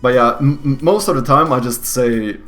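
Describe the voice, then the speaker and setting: A man's voice: medium pitch, moderate pace, a bit bright, soft background music. A man with a Swedish-tinged British English accent, casually chatting with his live-stream audience and laughing often. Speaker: game developer streamer.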